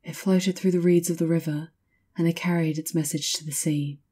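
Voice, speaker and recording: A woman reads a fairy tale aloud in a measured, lyrical manner. Her voice is low and husky, with a mellow, dark warmth that fits a storybook reading. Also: fairly even intonation. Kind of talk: scripted storybook narration.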